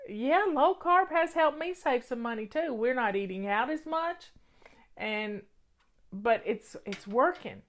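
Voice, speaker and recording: A woman's voice: a little high, lively intonation, measured pace, fairly bright tone. An older woman with a Southern American accent, hosting a casual, folksy live chat in a chatty, rambling way. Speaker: host.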